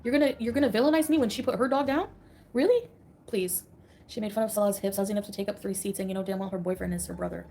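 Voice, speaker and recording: A woman's voice: mid-range voice, steady tone, racing, mellow. A woman on a casual livestream, ranting bluntly and sarcastically and laughing often.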